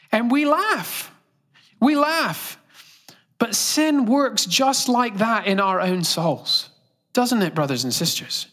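A man's voice: extremely high pitch, a bit bright. A male pastor delivering a sermon earnestly, engaging the congregation with direct questions.

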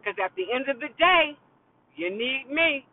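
A retail worker rants to camera about a customer, telling the story firmly and emphatically and repeating his key phrases. His voice is extremely high, lively and unhurried, with no room sound but a tinny, phone-like quality.

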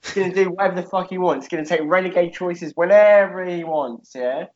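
A man's voice: high-pitched, brisk, muffled recording, a little hiss or hum. A man in casual chat, telling a rambling made-up fight story with lots of swearing and "yeah?" tags.

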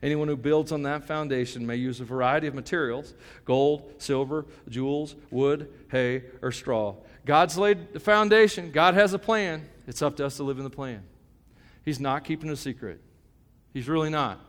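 Joking pastor preaching in an echoing hall. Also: male voice, fairly high pitch, moderate pace. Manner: conversational, joking, emphatic preaching. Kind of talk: sermon. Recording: long hall reverb.

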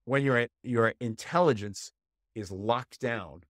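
A man hosting a podcast, telling a personal story and coaching listeners, shifting from low quiet tones to raised, heated voices when acting out emotions. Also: slow, no room sound, clean studio sound. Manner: storytelling, acts out inner voices with rising pitch; drops to a low quiet voice for calm moments. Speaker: podcast host. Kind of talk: coaching monologue.

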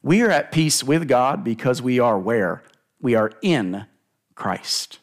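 Slow, emphatic preaching man. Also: mid-range voice, animated. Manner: deliberate, emphatic preaching with repeated phrases and questions to the congregation. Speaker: pastor. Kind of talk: sermon.

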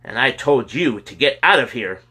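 A man's voice: mid-range voice, unhurried, breathy edge, pitched above the performer's own voice. A man doing a snarling, self-important official. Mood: angry. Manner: snarling and angry.

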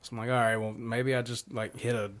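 A young adult podcast host tells his friends a long, rambling story full of profanity and quoted dialogue. His medium-pitched voice is a bit bright, with a flat delivery and a quick pace.

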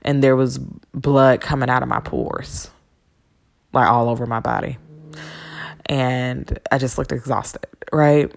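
A woman with a low voice and a gravelly edge hosts her own podcast as a spiritual reader. She talks candidly and bluntly, with plenty of swearing, telling personal stories in a loose, conversational way. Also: fairly even intonation, a little slow, long pauses. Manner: frank, profane storytelling with laughs. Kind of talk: candid solo podcast talk.

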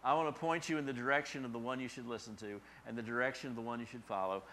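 A male pastor giving a sermon, building to loud emphatic peaks and dropping to soft, quiet endings. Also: medium pitch, steady tone, very fast, a little hiss or hum.

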